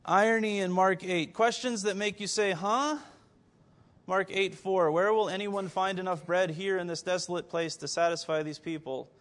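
A man's voice: high-pitched, moderate pace, few pauses. A man preaching a sermon, firing rhetorical questions at his listeners with occasional stammered restarts. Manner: animated, rhetorical questions to the congregation.

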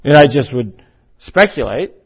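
A man's voice: medium pitch, sing-song, unhurried, husky. A man preaching a sermon in an emphatic, conversational way, now and then acting out the voices he quotes. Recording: muffled, lo-fi recording.

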